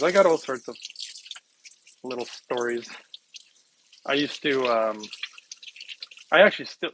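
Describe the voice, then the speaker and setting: A man's voice: mid-range voice, background noise. Rambling middle-aged man chatting to viewers. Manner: rambling, chuckles often, self-deprecating. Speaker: vlogger. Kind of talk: casual chat to viewers.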